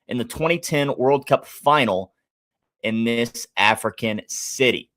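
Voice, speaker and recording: A man's voice: mid-range voice, moderate pace. Chatty Midwestern man hosting a stream. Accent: Midwestern American. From American Midwest. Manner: chatty, thinking aloud, shouting out chat members. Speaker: sports betting stream host. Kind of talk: casual live-stream chat.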